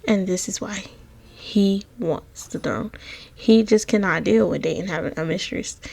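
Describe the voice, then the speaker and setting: A woman's voice: mid-range voice, creaky, dark tone, slightly rough. A young woman giving casual gameplay voiceover commentary, sassy, slangy and dramatic, talking straight to her viewers. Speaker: gaming content creator. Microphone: close voiceover mic.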